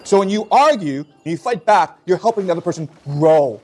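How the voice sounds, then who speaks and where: A man's voice: sits high, animated, fairly quick, a little mellow. A man teaching a class in an emphatic way, often stopping to check that his students follow. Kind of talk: classroom lecture.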